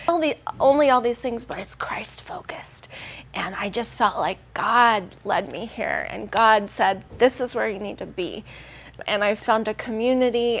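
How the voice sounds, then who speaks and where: A woman in her forties with a Southern American accent, telling her personal fitness story in an earnest, emotional testimonial. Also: on the high side. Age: 40s. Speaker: gym client giving a testimonial. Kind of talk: testimonial interview.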